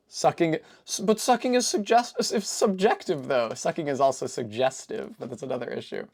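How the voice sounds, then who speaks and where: A woman's voice: low voice, normal speed, gravelly, few pauses, darkish tone, breathy edge. A young woman from Rhode Island chats loosely on a live stream. She rambles from tangent to tangent, curses casually and makes fun of herself. She answers viewers' messages as they come in. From Rhode Island, USA. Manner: rambling, profane, self-deprecating; reads out and answers chat messages.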